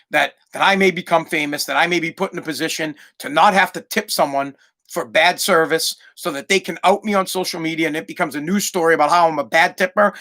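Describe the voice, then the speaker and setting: Man, podcast host, high voice, bright edge, profane emphatic rant.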